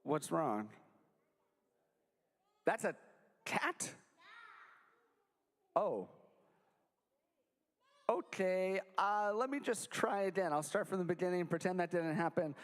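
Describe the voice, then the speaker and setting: A man's voice: high-pitched, slow, long pauses, long reverb tail. A young man performing a goofy, interactive children's show with a live audience at a library. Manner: goofy, animated, jokey with the kids. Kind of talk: playful kids' show with sing-along.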